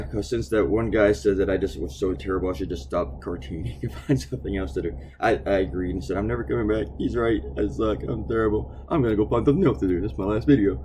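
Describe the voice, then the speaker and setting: A man, a cartoonist, chatting casually in a rambling, animated way, with lots of fillers and the odd swear word. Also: sits low, vocal fry, noisy background. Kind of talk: casual chatty video diary.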